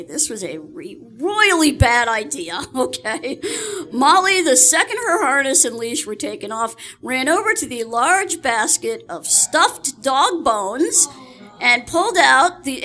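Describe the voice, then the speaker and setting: A woman hosts a relaxed storytelling session, chatting easily and laughing often. Her voice sits high and sounds bright and forward. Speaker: host. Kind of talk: casual storytelling.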